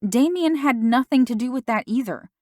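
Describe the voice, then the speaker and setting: Teenage girl, read by a woman, emphatic, higher voice, dry studio. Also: animated, moderate pace, a little mellow, no echo, close to an everyday voice. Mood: insistent. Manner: insistent, emphatic. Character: teenage girl narrator-heroine, defensive. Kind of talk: audiobook dialogue.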